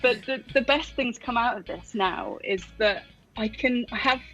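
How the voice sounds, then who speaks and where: A woman's voice: a little high, normal speed, fairly bright tone, dull audio, faint music behind. Chatty woman musician on the phone. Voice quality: chatty, self-deprecating, laughs a lot, many fillers. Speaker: musician guest. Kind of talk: interview over the phone. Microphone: phone line.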